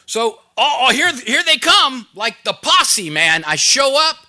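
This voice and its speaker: A man's voice: extremely high pitch, big pitch swings, measured pace, bright, forceful tone. A middle-aged man telling a story in a sermon to a recovery group, acting out the dialogue. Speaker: recovery ministry teacher.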